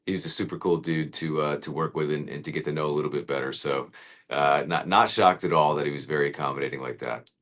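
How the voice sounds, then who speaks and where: A male actor talking as a guest in an interview, relaxed and thoughtful, laughing easily. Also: very deep voice, fast. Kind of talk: casual interview chat.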